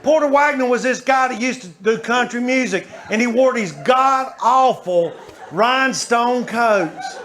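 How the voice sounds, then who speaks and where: A middle-aged man telling stories in a stand-up comedy set, animated and calling out to the audience. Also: very high voice, a little slow. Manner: animated, shouting asides to the audience. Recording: live show with faint crowd noise.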